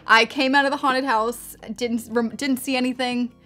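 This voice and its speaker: A woman's voice: high-pitched, fairly even intonation, normal speed, pushed and bright, soft background music. Chatty young woman, rambling makeup vlog. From United States. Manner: chatty, rambling, many fillers and restarts. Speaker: beauty vlogger. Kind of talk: casual storytelling while doing makeup.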